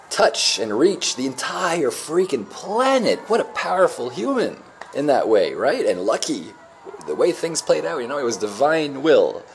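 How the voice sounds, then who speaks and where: A man's voice: mid-range voice, a little hiss or hum. A man in his forties telling a rambling, emotional personal story in a reflective, spiritual way. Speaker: vlogger.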